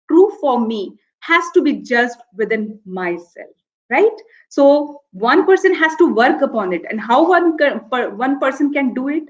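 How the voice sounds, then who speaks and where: A woman lecturer, telling a story and then explaining her point earnestly, repeating key phrases. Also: sits high. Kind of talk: motivational lecture with a told anecdote. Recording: dull lo-fi online lecture audio.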